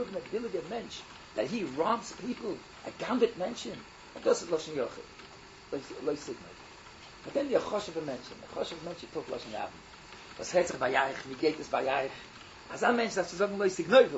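High, lively storyteller man. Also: a little hiss or hum. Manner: lively, acts out quoted speakers, laughs while telling. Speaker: Torah teacher telling rebbe stories. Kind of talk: animated storytelling lesson. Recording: dull lo-fi recording.

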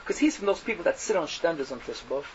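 A man giving a fiery sermon, mocking and animated, swinging from loud outbursts to hushed asides, on a dull lo-fi recording. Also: on the high side, very fast. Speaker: preacher. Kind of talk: fiery Yiddish-laced sermon. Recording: dull lo-fi recording with faint noise.

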